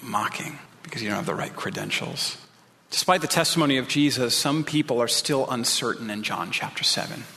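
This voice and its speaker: A man's voice: mid-range voice, expressive, a little fast, vocal fry, sharp tone, in a large hall. A male pastor preaching a sermon, earnest and pleading, sometimes dropping his voice to a whisper.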